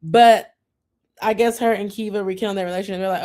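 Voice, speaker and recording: A woman's voice: mid-range voice, steady tone, fast, a little mellow. A woman hosting a casual TV recap chat, chatty and opinionated, often acting out what people on the show said. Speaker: host.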